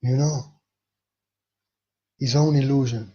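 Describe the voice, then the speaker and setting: A man giving a spiritual monologue with a husky voice, speaking emphatically and swinging between soft and loud. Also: mid-range voice, steady tone, slow, muffled recording. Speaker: spiritual teacher.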